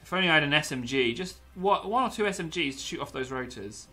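A man's voice: fairly high pitch, expressive, fast talker, pushed and bright. A young man commentating gameplay with a lot of energy, yelping, laughing and slipping into pirate growls.

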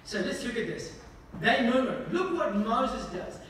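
A man preaching a sermon, often asking the congregation questions and swinging between emphatic lines and hushed ones. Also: extremely high pitch, very animated, unhurried. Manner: asks the congregation repeated questions. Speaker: pastor. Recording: echoey hall from far off, faint noise.

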